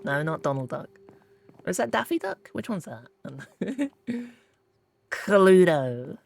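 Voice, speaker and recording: A woman's voice: lowish voice, very animated, slow, vocal fry, a little mellow, dry recording, soft background music. A woman streaming a game, chatting playfully and poking fun at herself as she plays. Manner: playful, chatty and self-mocking while playing. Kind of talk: casual gaming stream chat.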